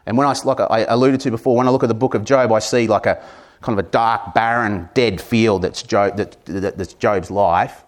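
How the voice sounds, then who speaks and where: A man's voice: lowish voice, fairly even intonation, normal speed. Earnest Australian man preaching. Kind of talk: sermon.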